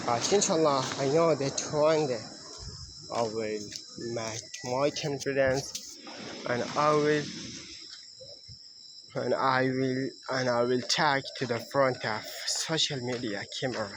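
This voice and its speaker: A man speaks slowly into a phone held at arm's length as he walks along a road at night. His English is halting and non-native, full of pauses and restarts. Loud crickets and passing traffic fill the recording. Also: mid-range voice. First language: not English. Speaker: English learner vlogging. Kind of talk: casual walking vlog. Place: outdoors at night along a roadside. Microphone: phone camera at arm's length. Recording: loud street and insect noise.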